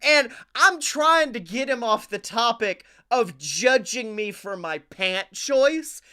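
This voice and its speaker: A young man co-hosting a podcast, telling a profane, animated story and acting out the dialogue. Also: extremely high pitch, takes it slowly, clear, resonant tone. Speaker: podcast co-host. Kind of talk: casual comedic chat.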